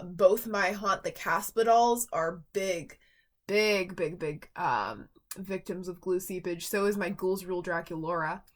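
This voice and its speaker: A woman's voice: medium pitch, pushed and bright. A woman reviewing a doll from her collection in a rambling, chatty vlog with lots of fillers and asides. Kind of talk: casual vlog chat.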